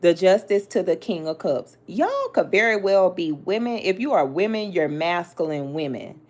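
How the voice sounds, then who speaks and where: A woman's voice: lowish voice, very animated, moderate pace, darkish tone. Blunt, sassy woman reading tarot. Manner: blunt, sassy, talks straight to the listener with slang and cursing. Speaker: tarot reader.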